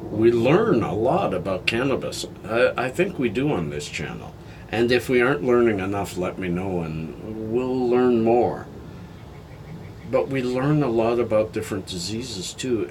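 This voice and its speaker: An older man talking candidly in a personal vlog, halting and heartfelt, sounding tired and emotional. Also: fairly low pitch, slight background noise. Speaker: health vlogger.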